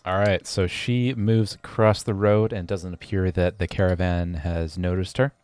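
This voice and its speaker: A man narrating a tabletop game as game master, in a relaxed way with frequent fillers. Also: low-pitched, normal speed, smooth.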